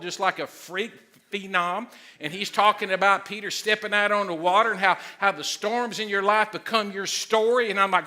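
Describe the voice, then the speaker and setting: A middle-aged man preaching a sermon as pastor, excitable and emphatic, loud at times. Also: high voice.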